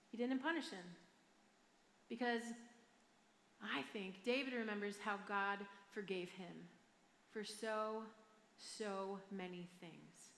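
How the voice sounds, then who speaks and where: Bright chatty woman pastor with a Michigan accent. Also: fairly high pitch. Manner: chatty and self-deprecating, asks the crowd "right?". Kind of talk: sermon with personal story. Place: large church hall. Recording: echoey church hall with long reverb.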